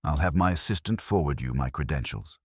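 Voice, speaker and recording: A theatrical, vain woman who runs a fashionable dining room speaks in smooth, gracious tones, as a man reads her. Her lines come out very low and husky, with a dry, close sound. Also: lively intonation, brisk, no room sound, heavily acted.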